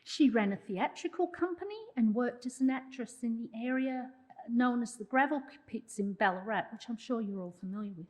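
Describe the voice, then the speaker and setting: A woman's voice: on the high side, expressive, normal speed, a little mellow, low-quality recording. A woman, a journalism historian delivering a prepared public lecture with wry asides to the audience. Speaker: journalism historian giving an oration.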